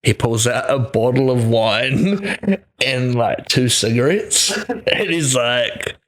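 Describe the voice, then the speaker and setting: A man's voice: medium pitch, takes it slowly, slight background noise. Easygoing New man. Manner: relaxed, laughing, easygoing storyteller. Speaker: guest. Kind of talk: casual chat.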